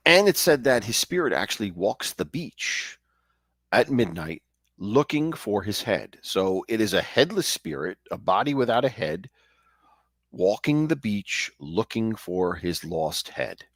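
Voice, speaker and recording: A man hosts and tells local ghost stories in a casual, chatty manner, often restarting, correcting himself and going off on asides. His voice is lowish and fairly bright with big pitch swings at a measured pace. The studio-quality recording has no room sound.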